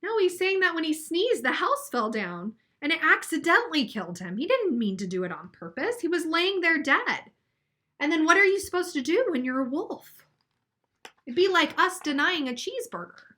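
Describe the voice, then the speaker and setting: A woman's voice: extremely high pitch, sing-song, moderate pace, bright, forceful tone. A woman teacher reading a storybook aloud to young children and asking them questions about it. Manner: asks the listeners questions.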